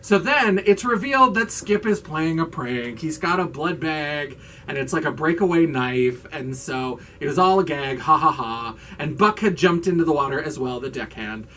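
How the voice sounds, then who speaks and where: A man's voice: fairly high pitch, animated, normal speed, hardly any pauses, sharp tone, recorded from a distance, slight background noise. Chatty, sarcastic man recapping a movie. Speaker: drag queen video host.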